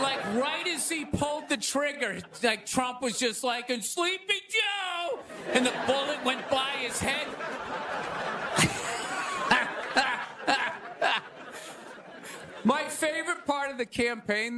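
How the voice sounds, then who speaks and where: A man works a live stand-up room, his voice pitched very high as he rants and slips into mocking impressions. A laughing crowd and steady noise fill the recording, and it sounds like a live show. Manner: loud, ranting delivery that jumps into high mocking voices. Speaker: stand-up comedian. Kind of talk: stand-up comedy monologue. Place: comedy stage before a laughing audience. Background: audience laughter.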